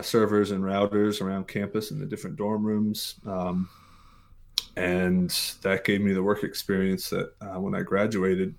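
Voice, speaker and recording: A podcast guest from Mississippi, USA, an American man in his forties, spins casual stories in an interview, stumbling through many fillers and restarts. His pitch is fairly low and slightly mellow.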